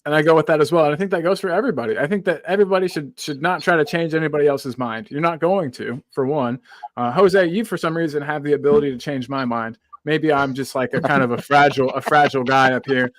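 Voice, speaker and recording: A man with a Midwestern American accent hosts a casual football podcast, chatting and reading viewer comments aloud. His voice sits a bit high, with dry sound. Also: fast talker, no echo. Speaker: podcast host.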